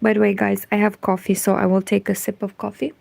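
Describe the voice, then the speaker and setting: A woman chatting softly in a hushed half-whisper at home, live-streaming and talking about her crochet. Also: mid-range voice, little pitch movement, fast, creaky, dry recording, poor audio. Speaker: crochet vlogger. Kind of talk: quiet live-stream chat.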